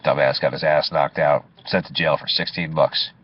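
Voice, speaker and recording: A man's voice: extremely low pitch, steady tone, normal speed, breathy edge. A man, a taxi driver, casually telling a story from inside his cab, swearing and chuckling as he goes. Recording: dull lo-fi recording.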